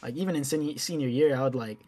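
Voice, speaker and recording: A man in his twenties in casual podcast chat, relaxed and reflective, laughing easily. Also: mid-range voice, fast talker.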